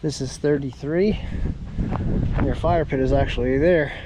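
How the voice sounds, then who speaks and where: A man out of breath giving a relaxed, chatty campsite tour outdoors, with plenty of ums. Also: mid-range voice, moderate pace. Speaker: camping vlogger. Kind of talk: casual walking tour narration. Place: windy mountaintop campground outdoors. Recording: loud wind noise outdoors.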